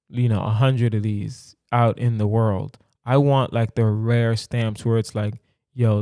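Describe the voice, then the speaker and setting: A man's voice: mid-range voice, darkish tone, clear, resonant tone, dry recording, studio quality. Playful, rambling male podcast comedian. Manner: playful, rambling, thinks aloud with lots of "right?". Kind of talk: solo podcast monologue.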